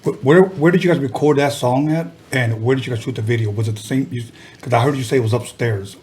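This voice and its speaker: A man's voice: mid-range voice, fast, darkish tone, slight background noise. A man hosting a radio interview who asks questions and keeps the guest going with short, encouraging replies. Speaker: radio show host.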